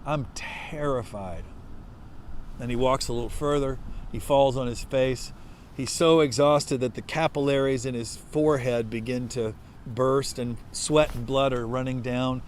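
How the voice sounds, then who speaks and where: A male pastor preaching a sermon as conversational storytelling that breaks into loud impassioned outbursts. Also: mid-range voice, steady tone, normal speed, a little hiss or hum.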